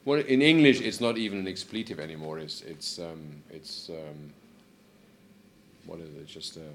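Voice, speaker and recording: A middle-aged man chats loosely in English, his voice sitting very low. He wanders through his points with fillers and restarts. There is a faint hum of room noise behind him. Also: normal speed. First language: German. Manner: rambling, many fillers and restarts. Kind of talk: casual chat.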